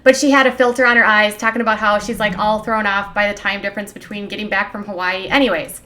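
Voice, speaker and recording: A woman's voice: mid-range voice, steady tone, fast, sharp tone. A woman hosting a casual livestream who talks in a sarcastic, opinionated way. She rambles through her points with plenty of "um" and "like.". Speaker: gossip commentary streamer.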